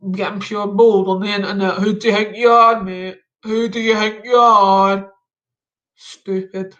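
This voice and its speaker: A man's voice: high voice, pushed and bright. A man hosting a live stream, chatting casually with slangy, mock-confrontational banter. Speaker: livestream host.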